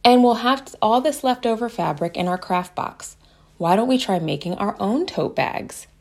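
A woman voicing a caring but firm mother in a children's story, who speaks calmly and deliberately. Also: mid-range voice, pitched above the performer's own voice. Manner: calm, deliberate.

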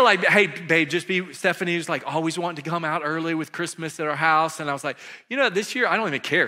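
A man in his thirties, a pastor telling a family story in a sermon, animated and shifting from hushed asides to loud bursts. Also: sits high. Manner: animated, swings between hushed and shouted.

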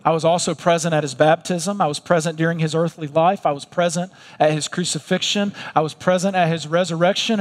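A man voicing a divine spirit as a courtroom witness, testifying in steady declarations. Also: a little high, lightly acted. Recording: long reverb of a large hall.

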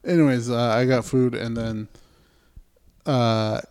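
A young man telling a story on a casual podcast, swearing freely and slipping into quoted voices. His pitch sits in the middle of the usual male range. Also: steady tone, slow pace, a little mellow, clear, resonant tone. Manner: profane storyteller, acts out his own quotes. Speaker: podcast co-host. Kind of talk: casual chat.

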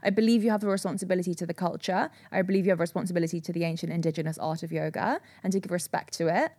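A woman with a British accent, a yoga teacher, speaking earnestly and reflectively in a casual conversation, slowing to stress her points. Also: lowish voice, steady tone, warm tone, no echo, clean studio sound.

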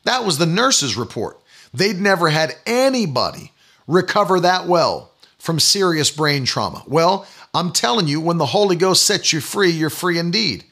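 Male preacher, slightly high and gravelly, bright, fervent sermon delivery. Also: big pitch swings, normal speed. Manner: fervent, repetitive declarations. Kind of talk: online sermon broadcast.

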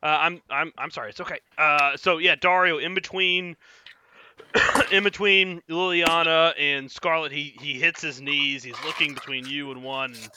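A man narrating as game master of a tabletop game, halting and repeating himself. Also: on the high side, steady tone, background noise.

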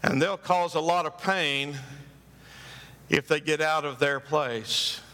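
A man preaching a sermon emphatically, acting out story voices and building to loud, high climaxes. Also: long reverb tail. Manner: acts out story voices with drawn-out phrases. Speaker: pastor.

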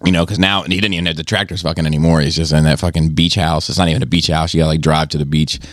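A man's voice: extremely low pitch, level tone, racing, fairly bright tone, no echo, studio quality. A man hosting a casual podcast, telling a rambling, profanity-laced story. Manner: rambling storyteller, swears often. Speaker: podcast host.

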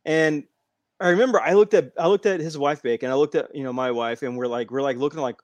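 Man, podcast host, casual chat, animated storyteller, dry close sound. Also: on the high side, brisk, no echo. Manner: enthusiastic storyteller, acts out quotes.

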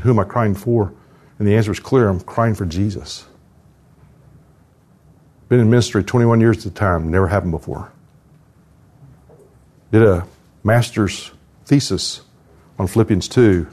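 A man's voice: lowish voice, darkish tone. Older man, earnest devotional speaker. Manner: earnest storytelling with prayer. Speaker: conference speaker. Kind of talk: live devotional talk. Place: conference hall.

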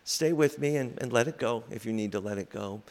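A man preaching a sermon slowly and reflectively, with pauses. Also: medium pitch, darkish tone. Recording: long reverb in a large hall.

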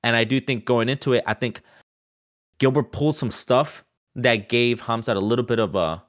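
A man talking fast and loose in a casual sports chat, restarting his sentences and leaning on "like" as a filler. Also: medium pitch. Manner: animated, restarts often, many "like" fillers.

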